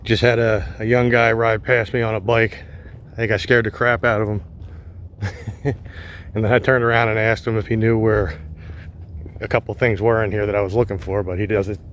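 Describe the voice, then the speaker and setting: A man's voice: lowish voice, a little fast, a little hiss or hum. Man narrating a walk on wooded trails. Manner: relaxed, thinking aloud with fillers. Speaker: vlogger exploring a park. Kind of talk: casual walking narration. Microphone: phone on a gimbal.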